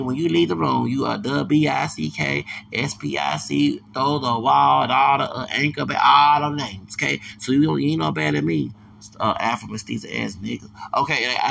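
A man's voice: mid-range voice, creaky, pushed and bright, a little hiss or hum. A man hosting a podcast, delivering a heated, angry monologue rant and repeating himself as he vents. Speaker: podcast host.

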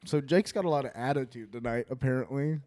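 A young man trades banter on a casual podcast. He laughs often and wanders through fillers as he talks. His voice sits at an ordinary middle pitch. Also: fast, darkish tone. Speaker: podcast co-host.

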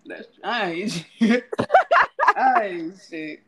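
Woman co-host, casual chat, swears a lot, very lively pitch. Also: slow, background noise. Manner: profane, animated ranting. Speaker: podcast co-host.

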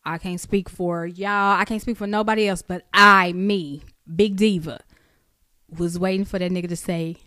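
A woman co-hosting a casual podcast chat, animated and swearing freely as she mocks people with impressions. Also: lowish voice, normal speed, no echo, studio quality. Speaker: podcast co-host.

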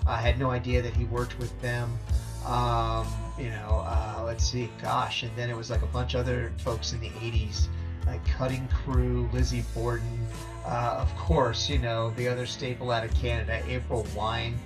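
A man co-hosting a music podcast in a casual chat, excitable, laughing often and swearing freely. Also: mid-range voice, normal speed. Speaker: podcast co-host.

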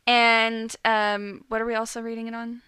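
A woman chatting casually about a horror movie on a podcast, animated and often laughing. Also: on the high side, normal speed. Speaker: podcast guest. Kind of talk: casual chat.

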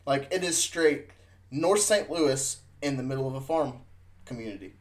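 A man's voice: medium pitch, expressive, moderate pace. A man casually telling a rambling, profane road-trip story on a podcast, drunk and stoned, talking into a studio mic. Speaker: podcast co-host.

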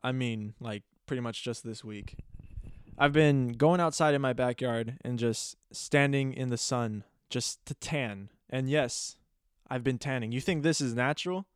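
Rambling young man with a smooth voice. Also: medium pitch, measured pace, no echo, studio quality. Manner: rambling, deadpan and playfully disgusted, with many restarts. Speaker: podcast host. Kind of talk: casual comedic monologue.

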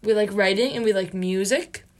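A woman's voice: medium pitch, moderate pace. A young woman from Wisconsin co-hosting a podcast, chatting casually with playful, teasing, giggly banter. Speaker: podcast co-host.

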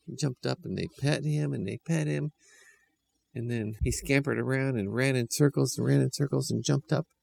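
A man improvising a silly children's story, telling it in a playful, lively way. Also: mid-range voice, normal speed, creaky, a little hiss or hum. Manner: playful, chuckling, lively delivery.

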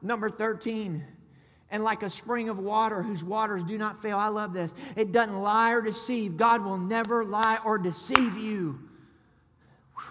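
High, bright-voiced preacher in a hall. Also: male voice, measured pace, a little hiss or hum. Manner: excitable, storytelling, loud shouted peaks. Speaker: pastor. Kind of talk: sermon. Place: church sanctuary. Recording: long hall reverb.

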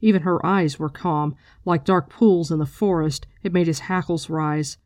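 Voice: mid-range voice, steady tone, moderate pace, darkish tone, dry recording, studio quality. Blunt, profane book recap host. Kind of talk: casual book recap mixed with reading aloud.

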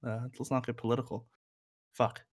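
A man's voice: mid-range voice, little pitch movement, fairly quick. A man co-hosting a casual music review chat, rambling with lots of fillers and a wry, joking edge. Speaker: music podcast co-host.

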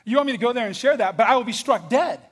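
A man's voice: extremely high pitch, lively intonation, fast, husky, voice pushed up, exaggerated voice. A man playing a frightened, protesting queen. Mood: anxious. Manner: anxious, protesting. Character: frightened young queen, pleading.

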